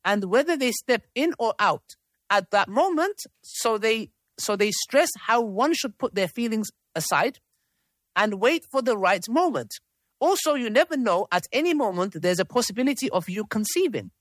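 A man's voice: sits high, very animated, normal speed, fairly bright tone, no echo, studio quality. A man hosting a live group discussion, chatty, often checking in with his listeners and reading messages aloud with his own asides. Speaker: host of a discussion panel.

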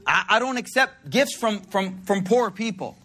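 A man voicing a blunt, wise male ascetic who talks in a deadpan, matter-of-fact way. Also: high-pitched, moderate pace, full character voice.

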